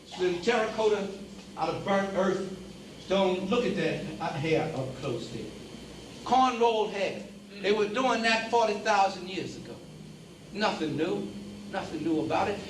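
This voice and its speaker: A man's voice: high-pitched, expressive, a little slow. A man giving a preacher-style lecture to an audience, emphatic and repeating phrases for emphasis. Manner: addresses the audience as brothers and sisters. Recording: roomy hall, speaker away from the mic, faint background hiss.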